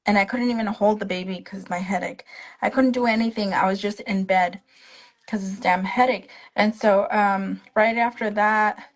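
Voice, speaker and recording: A woman's voice: medium pitch, moderate pace, poor audio. Young woman retelling events with quoted dialogue. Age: young adult. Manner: animated retelling that acts out the other people's quoted lines. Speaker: guest, stroke survivor. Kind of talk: casual storytelling on a live stream. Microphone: phone on a live video stream.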